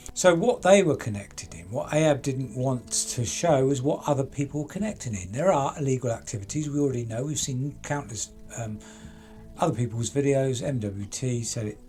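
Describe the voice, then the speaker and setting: A man's voice: medium pitch, darkish tone. Man doing true crime chat, asks loads of rhetorical questions, bit of music in the back. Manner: chatty, rhetorical, addresses people directly with questions. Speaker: true crime channel host. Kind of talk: casual true crime commentary to camera.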